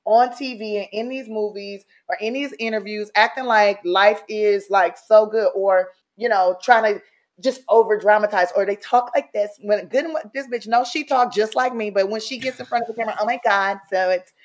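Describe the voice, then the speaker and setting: Woman, interview guest, blunt, salty, animated, mid pitch. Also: moderate pace. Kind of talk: candid casual interview talk.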